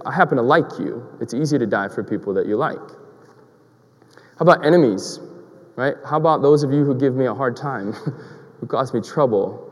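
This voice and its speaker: A man's voice: medium pitch, darkish tone, in a large hall. A man preaching a sermon in a conversational, storytelling way, asking rhetorical questions.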